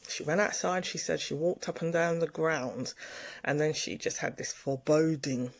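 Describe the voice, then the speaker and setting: A woman casually telling a personal story in an animated way, repeating words for emphasis. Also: deep voice, moderate pace.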